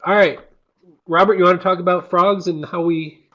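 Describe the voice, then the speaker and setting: Higher-voiced male host, lo-fi. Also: steady tone, sharp tone. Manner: chatty, prompting questions, halting restarts. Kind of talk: casual educational discussion.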